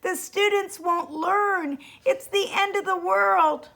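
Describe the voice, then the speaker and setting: A woman's voice: extremely high pitch, fairly even intonation, slow, vocal fry, pushed and bright, voice pushed up, exaggerated voice. A woman voicing a panicky pencil in a storybook reading, wailing in alarm. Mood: panicked. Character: panicky pencil, doom-crying worrier.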